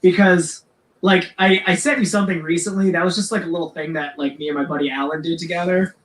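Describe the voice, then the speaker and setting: A metal singer tells a story on a podcast, swearing constantly. He talks in a high, bright voice. It rings out in an echoey room. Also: fast. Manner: profane, rambling, animated. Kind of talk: casual storytelling chat.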